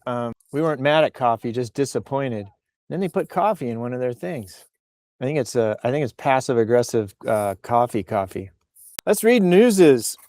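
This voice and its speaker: A male host chats loosely on a livestream, with a jokey, playful delivery. He rambles from one thought to the next in an everyday voice of ordinary pitch. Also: a little mellow, no echo. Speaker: news show host. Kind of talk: casual livestream chat. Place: outdoors on a bluff while on vacation.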